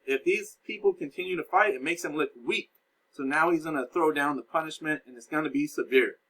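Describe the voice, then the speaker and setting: A man's voice: fairly high pitch, brisk, fairly bright tone, rough recording. A man teaching a class, recapping a play in a casual, explaining way and paraphrasing its lines in everyday speech.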